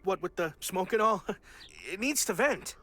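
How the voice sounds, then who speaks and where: A sheepish young sound tech with a high voice that moves a lot. He sounds eager to please and good-natured. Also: sing-song, unhurried, a bit bright, heavily acted.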